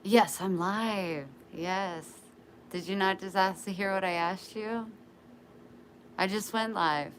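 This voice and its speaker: A woman's voice: mid-range voice, slow pace. A middle-aged woman hosting a casual livestream from a living room on a phone, chatting and greeting her viewers by name. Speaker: livestream host. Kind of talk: casual live-stream chat. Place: living room in a home, indoors. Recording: noisy home livestream.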